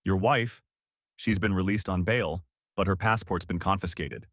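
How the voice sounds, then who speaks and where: A man's voice: low voice, steady tone, moderate pace, a bit bright, dry recording, clean studio sound. A man voicing a tired but satisfied female federal agent who speaks matter-of-factly, in a story reading.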